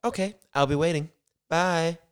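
A man's voice: on the high side, normal speed, smooth, pitched above the performer's own voice, natural voice. A man playing a melodramatic young woman. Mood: dramatic. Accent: posh English drifting into American. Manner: melodramatic, stilted script reading. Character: overwrought young woman on the phone.

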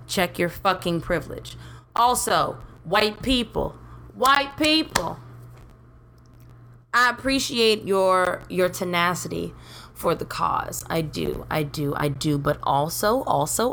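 Young woman podcast co-host, low voice, blunt and profane, faint noise behind. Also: a little slow, vocal fry, fairly bright tone. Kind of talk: casual chat.

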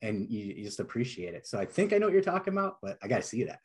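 A chatty man from Wisconsin hosts a casual podcast interview in a husky, breathy voice. He sits a bit low in pitch and rambles along with an easy, jokey manner. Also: sing-song, very fast. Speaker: podcast host.

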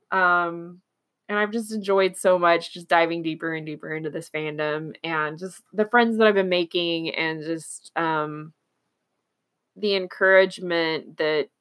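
A woman's voice: fairly low pitch, a bit bright. A woman from Oklahoma chatting casually as a host, rambling with fillers, restarts and frequent giggles. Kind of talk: casual chat.

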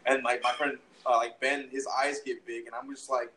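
A man's voice: medium pitch, level tone, normal speed, fairly bright tone, poor audio. A young man tells a story in casual conversation, rambling and profane, with lots of restarts and fillers. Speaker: podcast guest, musician.

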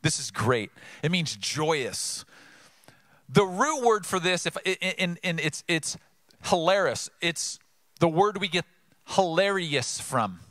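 Bright, high-voiced preacher man. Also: takes it slowly, no room sound. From Southern California. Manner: energetic, conversational preaching with rhetorical questions. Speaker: pastor. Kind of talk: sermon.

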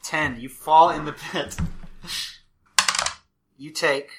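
A man's voice: on the high side, steady tone, slow pace, very noisy. A man narrating a tabletop game as game master, easygoing and often laughing.

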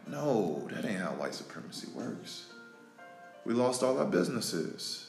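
A man, hosting a podcast and delivering an emotional, preachy monologue that repeats lines for emphasis and swings between loud and soft. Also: mid-range voice, very animated, a little slow, gravelly. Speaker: podcast host. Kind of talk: impassioned spoken monologue. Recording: roomy echo with faint music.

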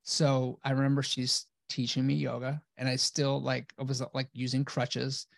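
Guy with a gravelly voice telling his story, blunt, swears a lot, plays out what he said back then. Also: medium pitch, little pitch movement, normal speed, no room sound, clean studio sound. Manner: blunt and profane, acts out his own past replies. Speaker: guest. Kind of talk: casual storytelling.

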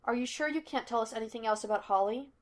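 A woman's voice: on the high side, quick pace, natural voice. A woman voicing a playful young male detective who talks in a teasing, breezy way, in a read-aloud story. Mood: earnest.

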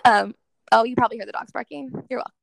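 A woman's voice: on the high side, steady tone, rapid-fire, vocal fry. A young woman telling a personal faith story in a casual interview, earnest and full of "like" fillers. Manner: earnest, heavy use of "like" as filler. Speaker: guest speaker in worship ministry.

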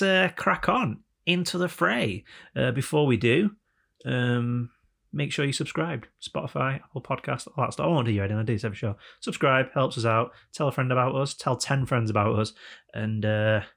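Casual male podcast host, gravelly, swears freely, tells stories. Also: medium pitch. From England. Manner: storytelling, sweary, laughing often. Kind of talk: casual chat.

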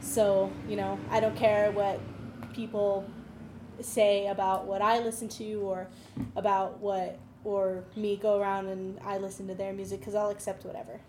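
A woman in a casual group discussion, speaking haltingly with restarts. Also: medium pitch, flat delivery, dark tone, slight background noise. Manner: halting, many fillers and restarts. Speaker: discussion participant.

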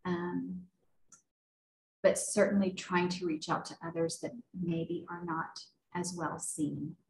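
A woman from Arizona with a fairly low voice talks as an interview guest. She sounds earnest and unpolished, with plenty of fillers and restarts. The recording has a noticeable room echo. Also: flat delivery, slow pace, vocal fry, slight background noise. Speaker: podcast guest, nonprofit founder. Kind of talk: casual interview chat.

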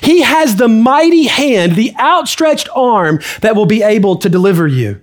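A pastor with a high, very animated voice preaches a sermon at normal speed. He is emphatic and repetitive, and he sounds out of breath.

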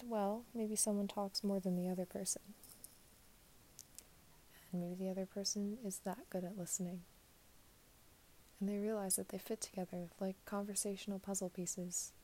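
A young woman giving a reflective spoken monologue, her voice soft and drifting in and out of a whisper. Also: mid-range voice, little pitch movement, normal speed, pauses often, slight background noise.

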